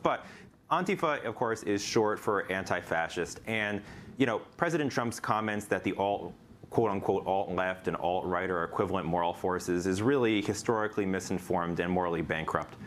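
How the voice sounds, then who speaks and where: A man with a lowish voice gives long, measured, academic answers in an interview, often pausing on "uh". Faint noise hums under the recording. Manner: measured, academic, with frequent "uh" fillers. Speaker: guest author and lecturer.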